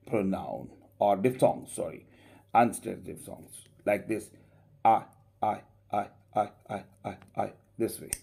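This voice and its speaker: A male English teacher giving an online class lecture, explaining slowly and tagging many lines with a rising "okay?". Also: medium pitch, vocal fry, mellow, slightly rough. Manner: slow, drawn-out explaining with frequent rising "okay?".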